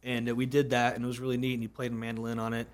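A man from South Carolina talks quickly through his stories as a guest musician, in a mid-pitched voice. He is animated and acts out the lines of other people as he tells them. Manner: animated, acts out quoted dialogue. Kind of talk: casual interview storytelling.

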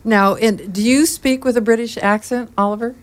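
Woman radio host, chatty and playful, quick to laugh. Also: on the high side, steady tone. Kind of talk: radio interview.

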